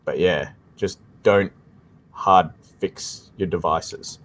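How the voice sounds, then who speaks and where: This tech support co-host, an Australian man, takes it slowly on a live tech question stream, his low voice fairly even in intonation. His explanations are casual, and he keeps circling back with "like I said".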